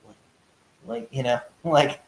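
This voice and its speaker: A man chatting casually on a podcast about a TV show, acting out lines from the scenes in animated bursts. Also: medium pitch, slow, reverberant. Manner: animated, acts out quotes from scenes. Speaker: podcast co-host. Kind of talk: casual chat.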